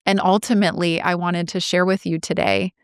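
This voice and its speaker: Earnest woman in her forties, low smooth voice. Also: little pitch movement, dry recording, studio quality. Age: 40s. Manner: earnest and reflective, slowing on key phrases. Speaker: podcast host. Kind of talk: personal storytelling monologue.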